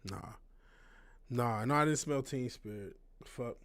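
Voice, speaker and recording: A man's voice: medium pitch, measured pace, a bit bright, no room sound. Rambling, frank man chatting on a stream. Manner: rambling, frank, swears often, restarts a lot. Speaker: livestream host. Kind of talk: casual livestream chat.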